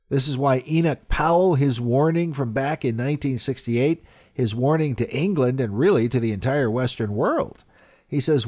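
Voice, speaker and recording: Guy doing a political commentary monologue, emphatic, middle pitch. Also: moderate pace. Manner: emphatic, rising loudly when quoting.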